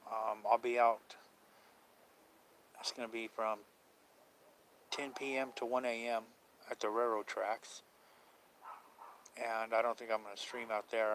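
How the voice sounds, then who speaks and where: A man's voice: medium pitch, a bit bright, a little hiss or hum, low-quality recording. A man chatting casually on a live stream about paranormal outings, rambling, unsure and trailing off mid-thought.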